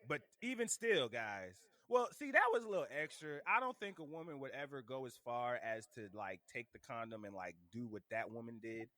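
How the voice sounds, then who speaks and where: A man co-hosting a podcast, chatting casually in an animated, joking, rambling way. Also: medium pitch, a little fast, hardly any pauses, no echo. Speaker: podcast co-host.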